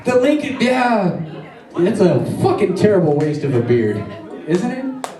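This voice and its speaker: High, lively stand-up comic in an echoey room. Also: male voice, a little slow. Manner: crude, rambling jokes with self-deprecating asides. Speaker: stand-up comedian. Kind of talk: stand-up comedy set. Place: comedy stage before a live audience. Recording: echoey room, mic at a distance.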